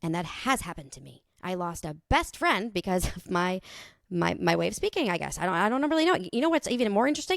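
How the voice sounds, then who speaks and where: Woman host, 30s, casual unscripted podcast monologue, creaky, dry close mic. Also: fairly low pitch, sing-song, quick pace, no room sound. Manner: rambling, thinks out loud, swears.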